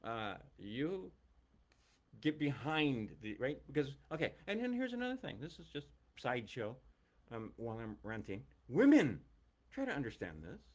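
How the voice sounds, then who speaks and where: A man's voice: mid-range voice, wildly swooping pitch, moderate pace. A middle-aged man and longtime teacher giving a blunt, emphatic, profane ranting monologue.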